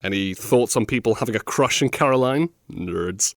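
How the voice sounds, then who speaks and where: A man hosting an interview, asking questions and telling stories with lively, jokey asides. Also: medium pitch, moderate pace, no echo, studio quality. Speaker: interview host.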